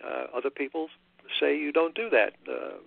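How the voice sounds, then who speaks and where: An older man from Long Island, an author being interviewed, talking in a halting way with many restarts and fillers. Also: on the high side, creaky. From Long Island, New York. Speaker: author guest. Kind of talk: casual interview chat. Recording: tinny phone line.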